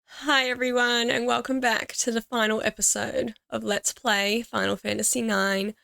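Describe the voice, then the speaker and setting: Woman gaming host, emotional and teary, slightly high voice with vocal fry, dry close sound. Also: little pitch movement, normal speed, no echo. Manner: emotional, teary, grateful, with soft laughs. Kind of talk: heartfelt casual talk to camera.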